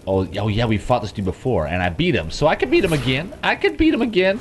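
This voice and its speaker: A man giving let's play commentary while gaming, excitable and swearing, with sudden yelps and shouts. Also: medium pitch, quick pace, noisy background. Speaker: gamer.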